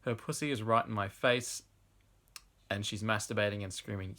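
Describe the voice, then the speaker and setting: A low-pitched young man gives a comic reading of trashy fiction. He laughs his way through the lines and drops into relaxed, offhand remarks between excerpts. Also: moderate pace. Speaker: host reading fan fiction aloud. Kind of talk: comic dramatic reading with asides.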